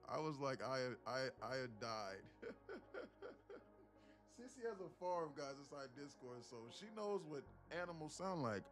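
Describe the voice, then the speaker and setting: A man's voice: mid-range voice, animated, unhurried, fairly bright tone, soft background music. A man hosting a casual livestream, greeting viewers by name, laughing easily and swearing freely. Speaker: livestream host, day trader.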